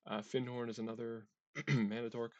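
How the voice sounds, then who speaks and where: A man's voice: mid-range voice, flat delivery, normal speed, a little mellow, dry recording, muffled recording. A man hosting a casual card-game deck walkthrough, chatty and often tripping over card names. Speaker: deck tech host.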